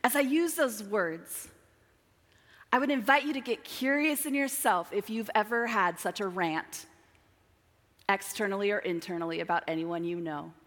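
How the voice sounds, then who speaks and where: Woman giving a sermon, bright tense voice, kinda high, big hall echo. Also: normal speed. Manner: dramatic, shifts between emphatic and hushed. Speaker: preacher. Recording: long hall reverb.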